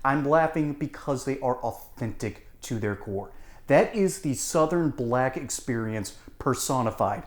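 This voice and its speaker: Animated sarcastic male commentator, roomy echo. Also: medium pitch, measured pace. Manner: animated, sarcastic, laughs often. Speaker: political commentator. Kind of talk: online political commentary.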